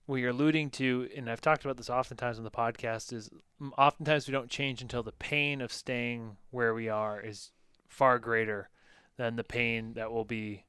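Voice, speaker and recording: A man hosting a podcast, measured and explanatory as he reflects on his guest's story. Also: medium pitch, steady tone, fairly bright tone, clear, resonant tone, dry recording, studio quality. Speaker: podcast host. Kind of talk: reflective conversational commentary.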